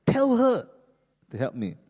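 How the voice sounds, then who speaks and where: A man's voice: medium pitch, lively intonation, moderate pace, mellow, breathy edge. A man voicing a distraught woman host who pleads with a raised, agitated voice, in an echoey hall. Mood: agitated pleading.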